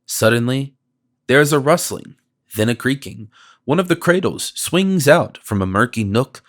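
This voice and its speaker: A man reads a classic novel aloud as an audiobook. His narration is measured and expressive, with a mid-pitched voice.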